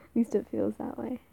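A woman's voice: fairly high pitch, gravelly, mellow, slightly rough, no room sound, exaggerated voice. A woman playing a giggly, affectionate young girlfriend. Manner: giggly, teasing, stumbling over words. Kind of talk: audio role-play.

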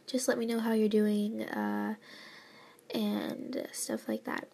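A young woman, a student at college, speaks slowly in a medium-pitched voice that's level, creaky, and slightly rough. She rambles hesitantly and often lowers her voice to a whisper, using plenty of fillers and soft laughs. Her nose is congested from a cold that hasn't cleared.

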